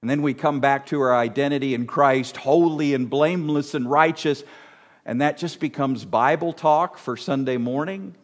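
A man's voice: medium pitch, normal speed. A man preaching a sermon, speaking straight to his listeners and asking them many questions. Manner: asks the audience many direct questions. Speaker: pastor.

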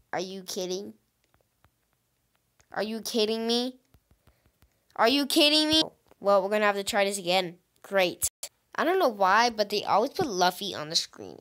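Excitable high-voiced woman gaming. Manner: excitable, talks to viewers, frequent exclamations. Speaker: gaming channel host. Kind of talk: let's-play gaming commentary.

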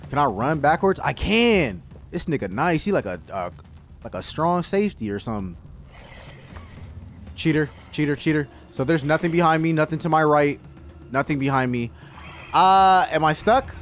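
Male let's-play host, high and very animated delivery, profane and jumpy, screams at scares, faint game music behind. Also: moderate pace, a little hiss or hum. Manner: excitable, profane, yelps and shouts when startled. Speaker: gaming video host.

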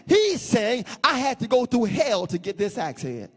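High-pitched man preaching in chanting bursts. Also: very animated, measured pace, long reverb tail. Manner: preaching with chanted, sing-song cadences and shouts; repeats phrases for emphasis. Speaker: pastor. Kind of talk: sermon.

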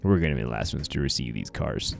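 A man's voice: a bass voice, animated, quick pace, creaky, soft background music. A man from Africa giving a chatty, rambling commentary while browsing a website, often calling his viewers guys. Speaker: tech vlogger. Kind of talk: casual screen-share commentary.

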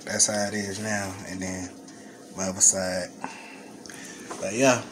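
Choked up and letting out heavy sighs, a man speaks into his phone camera in a casual home vlog for his followers. His low voice barely moves in pitch and he takes his time, with noticeable room noise in the background.

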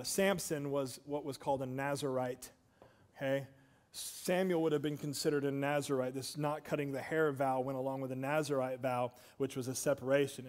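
A man's voice: medium pitch, a little mellow, in a large hall. A man preaching a sermon in a church, conversational, with asides to the congregation. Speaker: pastor. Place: church sanctuary.

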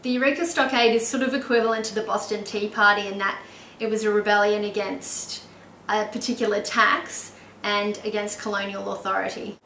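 A woman's voice: medium pitch, steady tone, a little fast, pushed and bright, reverberant, far from the mic, slight background noise, low-quality recording. An Australian woman talking casually and enthusiastically in a vlog, often laughing as she explains things. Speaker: baby name vlogger.

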